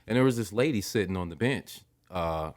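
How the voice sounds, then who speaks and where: A young adult man chatting on a podcast, an animated storyteller who gets excited and swears a lot. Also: lowish voice, brisk. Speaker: podcast co-host. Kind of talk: casual chat.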